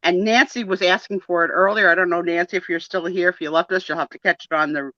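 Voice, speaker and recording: A woman from the New Jersey and New York area, chatting in a rambling, animated way while co-hosting a live photo sale. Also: lowish voice, quick pace, no echo, dull audio. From northeastern US, New Jersey and New York area. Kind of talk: casual live-stream chat.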